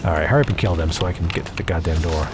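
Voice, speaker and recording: Low-pitched and racing, a Southern man's voice comes through a desk mic at home with background noise. His casual let's play commentary on the game is sarcastic and profane, full of rambling asides.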